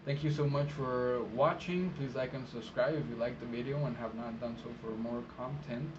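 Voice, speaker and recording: A man's voice: mid-range voice, moderate pace. Non-native man, casual advice vlog. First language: not English. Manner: relaxed, rambling, many fillers and restarts. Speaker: interpreter giving advice. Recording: dull sound with clear background noise.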